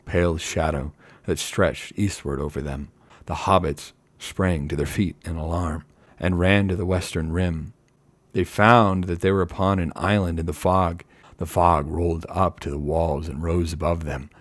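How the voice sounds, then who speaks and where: A man with a very low voice reads a fantasy tale aloud in measured, dramatic audiobook style. The recording is dry and close to the mic. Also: dry recording. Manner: measured, dramatic storytelling delivery. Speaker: audiobook reader.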